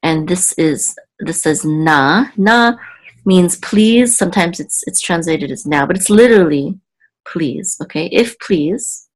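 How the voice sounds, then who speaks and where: A woman teaching Biblical Hebrew word by word, patient and halting, often correcting herself. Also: fairly low pitch, lively intonation. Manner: halting, with many fillers and self-corrections. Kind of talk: slow, patient word-by-word lesson.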